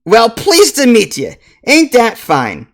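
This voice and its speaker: A man voicing a cheerful, burly male dwarf baker in a rustic put-on brogue, loud and a bit strained. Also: extremely high pitch, huge pitch swings, slow pace, voice pushed up, heavily acted. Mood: friendly.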